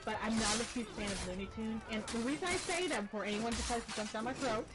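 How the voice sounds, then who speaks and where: A woman chatting casually as a guest on a game stream, relaxed and easygoing. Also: on the high side, fast talker. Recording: loud background noise.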